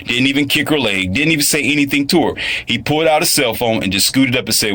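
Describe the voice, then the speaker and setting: A man's voice: mid-range voice, expressive, quick pace, hardly any pauses, bright, forceful tone. Male commentator, mid-range voice, rambling and emphatic casual rant. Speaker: online commentator.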